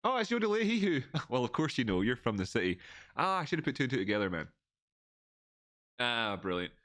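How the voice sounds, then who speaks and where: Sing-song and fairly quick, this man's mid-range voice has a slightly bright edge as he hosts a relaxed livestream. He's from Scotland, with an Edinburgh accent, and he rambles, frequently restarting while reading donor messages and thanking viewers. The recording has no room sound.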